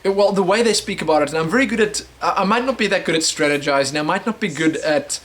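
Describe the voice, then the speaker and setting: On his casual webcam show, a young man from South Africa rattles through viewer questions quickly, rambling and correcting himself with lots of fillers along the way. His voice is high and fairly bright.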